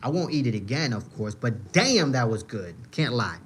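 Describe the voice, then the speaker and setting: A man's voice: mid-range voice, big pitch swings, normal speed, background noise. A young man hosting a livestream, telling loose, profane stories and answering chat in a casual, slangy way. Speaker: livestream host.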